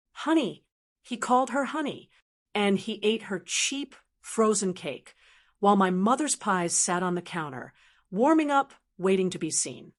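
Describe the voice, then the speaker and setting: An older woman narrating a first-person family story in a reflective, emotional way. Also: mid-range voice.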